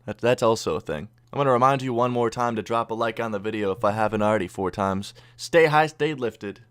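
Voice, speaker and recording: A young man telling a story casually over gameplay footage, swearing freely and animated as he retells it. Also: lowish voice, brisk, clean tone. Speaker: YouTuber.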